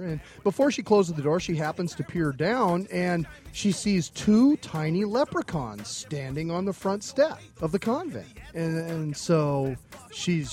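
A man co-hosting a casual comedy podcast, telling jokes and reading out show plugs, swinging from loud to low. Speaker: podcast co-host.

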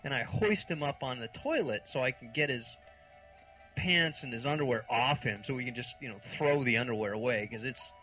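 A man's voice: medium pitch, a little fast, bright, forceful tone, soft background music, low-quality recording. A man in his thirties from the United States, a podcast co-host telling rambling, exasperated, self-mocking comic stories. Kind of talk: casual comedic storytelling.

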